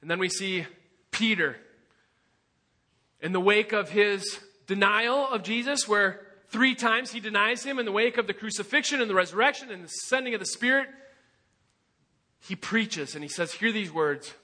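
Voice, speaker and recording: Male pastor delivering an emphatic sermon, very high voice, bright and forceful. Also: moderate pace. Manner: earnest, emphatic preaching with rhetorical questions.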